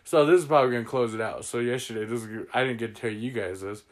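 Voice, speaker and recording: A man's voice: medium pitch, fast. A young man hosting a casual chat with his siblings, rambling through stories and laughing often. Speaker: host.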